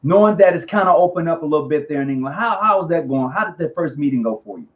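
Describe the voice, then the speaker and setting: Man, host, high voice, animated, slangy, dull lo-fi recording. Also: fast. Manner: animated, slangy, repeats himself. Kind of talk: casual live online interview. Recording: dull lo-fi audio.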